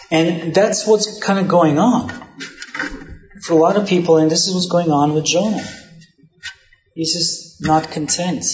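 A man's voice: on the high side, dull audio, slight background noise. Conversational male pastor in a roomy space. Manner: conversational preaching with frequent "you know" asides. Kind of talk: sermon.

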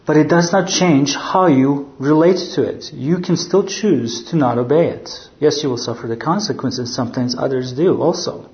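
A man preaching a measured, explanatory verse-by-verse sermon, often posing rhetorical questions. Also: on the high side, roomy sound, muffled recording.

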